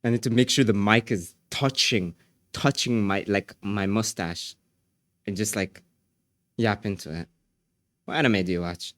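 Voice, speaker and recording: A man's voice: on the low side, measured pace, long pauses, fairly bright tone, no echo. A man streaming live, chatting casually with his viewers, joking, laughing often and filling his talk with "like".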